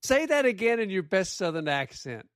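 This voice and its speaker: Brief: male host asking encouraging questions, high and bouncy voice. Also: big pitch swings, moderate pace, clear, resonant tone, dry recording, clean studio sound. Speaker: interview host. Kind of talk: conversational interviewing.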